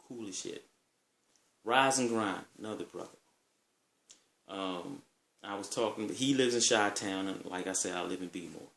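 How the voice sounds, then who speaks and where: A man's voice: lowish voice, normal speed, vocal fry, reverberant. A man casually telling stories in a laid-back, rambling way, swearing freely. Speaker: vlogger. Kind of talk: casual storytelling.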